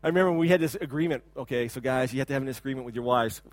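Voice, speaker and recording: A man in his thirties preaching a sermon as a pastor, talking in a loose conversational way with repeated words and sudden loud bursts when he imitates a child. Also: mid-range voice, racing, no room sound. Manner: animated preaching, shouts to imitate a crying child. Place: church hall.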